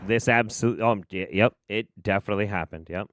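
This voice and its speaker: A man's voice: lowish voice, a little fast, a bit bright, a little hiss or hum. A man hosting a stream, commenting on clips with sarcasm and swearing. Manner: sarcastic, profane. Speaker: host.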